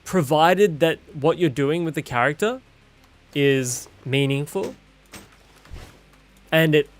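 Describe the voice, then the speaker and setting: A man's voice: a little high, expressive, takes it slowly. A man streaming a game and giving blunt, profane, opinionated commentary in a casual chat. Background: game music.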